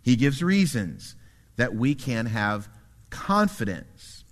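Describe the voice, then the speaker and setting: A male pastor delivering a sermon in an earnest, measured way, building points through emphatic repetition. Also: medium pitch, big pitch swings.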